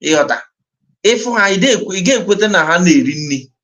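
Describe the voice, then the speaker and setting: A man's voice: high voice, animated, fairly quick, fairly bright tone, poor audio. A man with a Nigerian accent commenting on a clip in an earnest way, repeating himself and slipping in Igbo. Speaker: livestream host.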